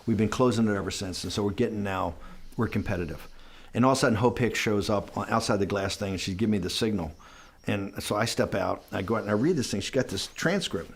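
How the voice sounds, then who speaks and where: A man's voice: fairly low pitch, fast, husky. A man being interviewed, telling a long story in a loose, rambling way, often restarting and acting out what people said. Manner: rambling, animated, restarts and acts out quoted dialogue. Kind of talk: conversational storytelling.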